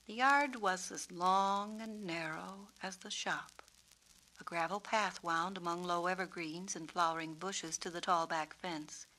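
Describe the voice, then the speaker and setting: A woman, the author, reading her own storybook in a clear, measured, descriptive way. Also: on the low side, fairly even intonation, sharp tone, low-quality recording. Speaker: author and narrator. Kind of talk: storybook narration.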